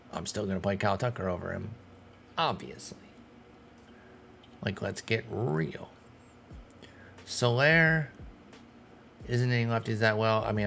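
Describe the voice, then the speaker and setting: A man's voice: lowish voice, creaky, fairly bright tone, a little hiss or hum. A man, thinking aloud in casual commentary as he manages a baseball team in a video game. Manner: thinking aloud, talking to himself and the players. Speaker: gaming streamer. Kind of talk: casual let's-play commentary.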